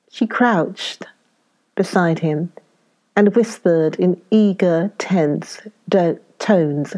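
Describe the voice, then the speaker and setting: A woman reading a story aloud as a measured audiobook narrator. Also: lowish voice, darkish tone.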